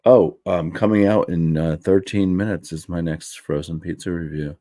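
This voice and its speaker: A man's voice: deep voice, steady tone, normal speed, mellow. A man chatting casually on a beer review show, joking and restarting his words as he goes. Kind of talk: casual chat.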